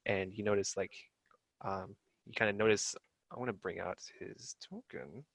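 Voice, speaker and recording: A man's voice: on the low side, moderate pace, vocal fry, a bit bright, slightly rough, dry recording. A man narrating a tabletop game as game master, rambling with many fillers.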